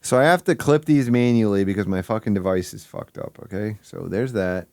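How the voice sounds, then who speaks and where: A man hosting a live stream, ranting with heavy swearing and swinging between loud outbursts and low mutters. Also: brisk, no echo. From Michigan. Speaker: livestream host. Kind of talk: casual stream commentary.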